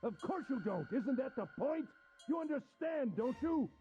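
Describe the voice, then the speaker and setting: A man's voice: extremely high pitch, animated, moderate pace, lo-fi sound, over loud music, pitched above the performer's own voice. A man voicing a cruel, mocking male villain who taunts his captive in a theatrical way. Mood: gloating, mocking.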